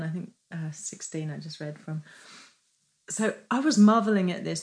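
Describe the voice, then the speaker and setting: A middle-aged woman giving an informal devotional teaching, animated and often laughing, moving into fervent worship. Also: lowish voice. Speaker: Christian teacher sharing a devotional.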